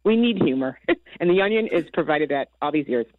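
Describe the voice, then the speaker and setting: A woman's voice: deep voice, lively intonation, fairly quick. A woman phones in to a radio show and speaks in an effusive, grateful way. Her voice comes through a narrow, tinny telephone line and sounds dry, with no room echo. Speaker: radio caller. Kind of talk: phone-in comment.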